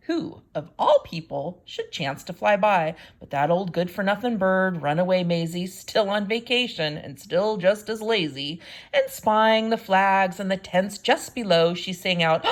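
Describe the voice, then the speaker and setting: A woman reading a picture book aloud to children, animated, gasping at the turns and stopping to ask them questions. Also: medium pitch, unhurried. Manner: animated, gasps, asks listeners questions.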